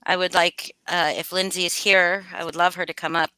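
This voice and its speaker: Bright, crisp-voiced woman chatting casually. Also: lowish voice, flat delivery, fairly quick, dry recording. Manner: greets chat names, swears freely. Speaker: livestream host. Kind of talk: casual livestream chat.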